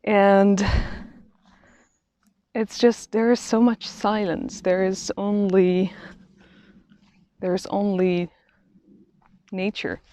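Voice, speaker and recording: A woman talking through a reflective vlog while out on a quiet walk in nature, halting and thoughtful, often restarting her sentences. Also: medium pitch, little pitch movement, no room sound. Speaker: vlogger. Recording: dull, slightly lo-fi sound.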